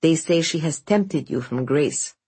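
Unseen manipulative spirit, mild and coaxing, read by a woman, low and husky. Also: measured pace, dark tone, no echo, heavily acted. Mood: insistent.

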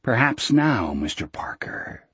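A man voicing a menacing preacher who speaks low and hushed in an audiobook. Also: sing-song, slow pace, husky, no room sound, heavily acted. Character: menacing cold male preacher.

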